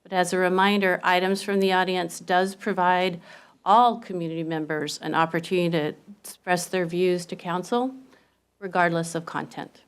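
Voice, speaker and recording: Female meeting chair, formal and measured; smooth, clear tone. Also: on the low side, steady tone. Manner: measured, reading a prepared statement.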